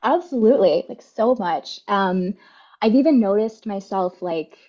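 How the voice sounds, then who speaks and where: Mellow-voiced young woman, lo-fi sound. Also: medium pitch, expressive, unhurried. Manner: chatty and candid, many fillers and little laughs. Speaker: podcast guest. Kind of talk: casual chat. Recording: dull, lo-fi sound.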